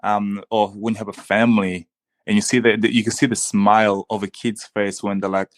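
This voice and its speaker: A man's voice: lowish voice, level tone, fairly quick. A young man, a podcast guest talking casually and earnestly, with many restarts. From Congo. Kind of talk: casual conversation.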